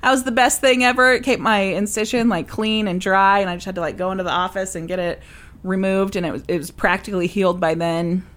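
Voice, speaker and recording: A young woman co-hosting a podcast, chatting casually and telling a personal story with lively acted-out quotes. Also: mid-range voice, fast talker. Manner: animated storyteller, acts out quoted voices. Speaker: podcast co-host. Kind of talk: casual chat.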